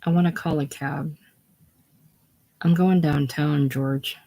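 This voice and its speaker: Reader plays dignified wounded young bride, slow, cool delivery. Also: mid-range voice, steady tone, gravelly, mellow, a little hiss or hum. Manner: cool, cutting. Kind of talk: casual play reading.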